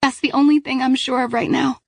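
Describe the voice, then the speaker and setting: Audiobook: pleading, high-pitched young pregnant captive girl, read by a woman. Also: flat delivery, fairly quick, gravelly, no echo. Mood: urgent. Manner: strained, urgent, pleading. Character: frightened pregnant teenage girl held captive.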